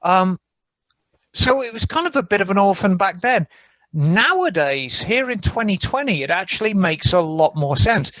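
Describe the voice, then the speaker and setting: A man's voice: high-pitched, sing-song, moderate pace, a bit bright, no room sound. A man co-hosting a podcast, telling stories in a playful, teasing way in casual chat. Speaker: podcast co-host.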